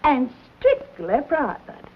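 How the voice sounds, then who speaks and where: A stern frontier mother in an old TV western, high-pitched and lively as she scolds. The sound is tinny and narrow. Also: slow pace, slight background noise, exaggerated voice. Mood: scolding. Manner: scolding, emphatic. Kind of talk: 1950s TV western drama.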